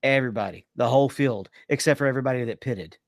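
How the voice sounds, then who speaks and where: A man co-hosting a casual podcast, telling long, rambling race stories with quick asides. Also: mid-range voice, no room sound, studio quality. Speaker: podcast co-host. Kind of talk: casual chat.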